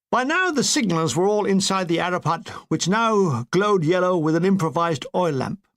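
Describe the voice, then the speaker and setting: A man reads a comic war memoir with dry, deadpan timing. His voice sits a little high for a man. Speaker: audiobook reader.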